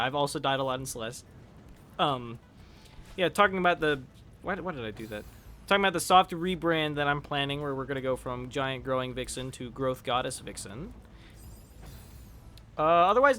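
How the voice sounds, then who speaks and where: A man's voice: on the high side, a bit bright, a little hiss or hum. A man chatting casually with viewers while playing a game on a live stream, rambling and swearing when he fails.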